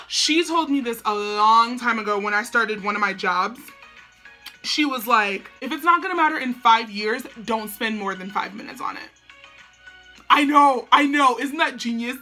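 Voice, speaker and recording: Bright-voiced chatty young woman vlogging. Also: on the high side. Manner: chatty, slangy, peppered with "like". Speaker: beauty vlogger. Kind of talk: casual chat to camera.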